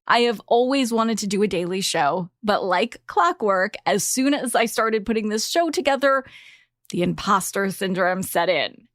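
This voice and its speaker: A woman's voice: fairly high pitch, fairly bright tone, no echo, studio quality. A woman hosting her own podcast, reading a scripted monologue in a candid, chatty way with playful slang. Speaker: podcast host.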